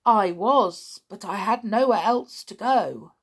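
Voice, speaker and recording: Woman doing a slurry old porter guy, drawn out and slow. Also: medium pitch, expressive, breathy edge, exaggerated voice. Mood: weary. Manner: slurred, mild. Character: slurring down-and-out older male hospital porter.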